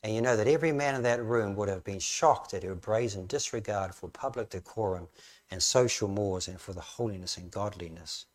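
Lower-voiced man preaching a sermon. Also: fairly quick. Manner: storytelling, rising to emphatic questions. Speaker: pastor.

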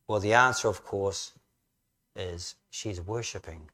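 A man's voice: sits low, unhurried, pushed and bright. A man preaching a sermon, telling the story vividly and rising to emphatic questions. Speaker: pastor.

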